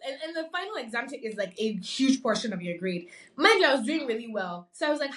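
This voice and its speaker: A young adult woman from Nigeria, a podcast guest, telling a story in a casual, animated way and acting out the voices of the people in it. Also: mid-range voice, normal speed, far from the mic. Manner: animated, acts out quoted voices.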